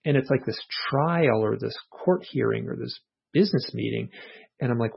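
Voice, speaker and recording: As an interview guest, a man with a gravelly, husky voice tells a personal story in a casual, conversational way, earnest and reflective, voicing his own thoughts as quotes. He speaks at a moderate pace, and the audio is muffled and low-fidelity.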